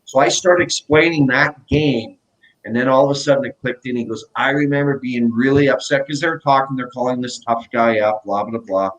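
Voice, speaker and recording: A middle-aged man, a former pro hockey player, casually telling animated stories in a podcast interview and acting out the quotes. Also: medium pitch, moderate pace, poor audio. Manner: animated anecdotes, acts out quotes.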